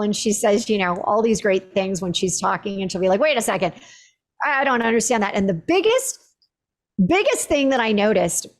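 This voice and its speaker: A woman hosting a podcast interview, telling a personal story in a lively conversational way, full of "like" fillers. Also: medium pitch. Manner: animated storytelling with many "like" fillers. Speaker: podcast host.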